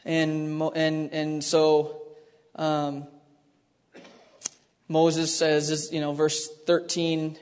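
A man preaching a sermon, animated and dramatic, acting out the lines he reads. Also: fairly high pitch, a little slow. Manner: animated, acts out scripture voices, many restarts. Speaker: pastor. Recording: long hall reverb.

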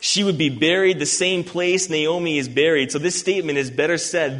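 A man preaching an expository sermon, earnest and emphatic, reading scripture slowly. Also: a little high, a bit bright. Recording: long hall reverb.

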